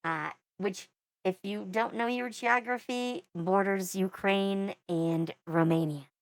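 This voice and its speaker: A woman's voice: medium pitch, slow, no room sound. A woman in her forties giving casual reaction commentary as a VTuber, with wry, rambling asides.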